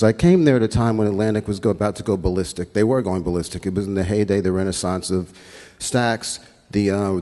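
Low mellow man in a reverberant theatre. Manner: relaxed, rambling with fillers and restarts. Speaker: memorial speaker. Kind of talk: anecdotal tribute speech. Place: theatre stage. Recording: long hall reverb.

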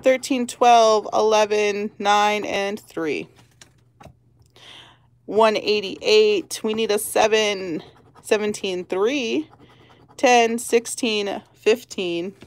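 A woman hosting a lottery-ticket channel, chatting casually and giggling as she calls out numbers one by one. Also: fairly high pitch. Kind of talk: casual chat while scratching tickets.

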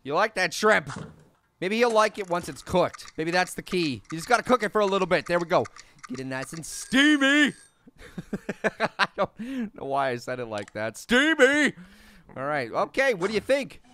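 A man's voice: high-pitched, sing-song, moderate pace, pushed and bright, a little hiss or hum, full character voice. A man voicing a goofy, mischievous male talking orange, giving teasing let's play commentary with lots of giggles. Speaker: game commentator.

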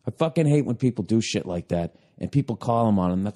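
A man in his forties from the United States, a comedian hosting a podcast, ranting with exasperation, swearing heavily and yelling at times. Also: lowish voice, animated, fairly quick. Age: 40s. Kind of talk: profane comic rant.

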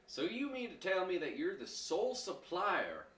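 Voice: medium pitch, big pitch swings, normal speed, recorded from a distance. An actor playing an incredulous, mocking interviewer in a comedy sketch, pressing a guest with disbelieving questions. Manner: incredulous, mocking, building to shouts. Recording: roomy, off-mic sound with faint music.

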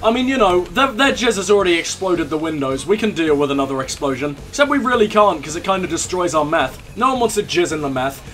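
High-voiced young man joking over gameplay. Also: animated, fast, few pauses, a bit bright. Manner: joking, crude banter with laughs. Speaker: let's play host. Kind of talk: casual gameplay commentary.

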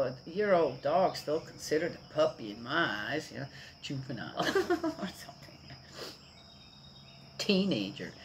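A woman's voice: sits low, a little hiss or hum, poor audio. An older woman chatting casually outdoors to her viewers, rambling on and checking in with her listeners as she goes. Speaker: vlogger. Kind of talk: casual morning chat.

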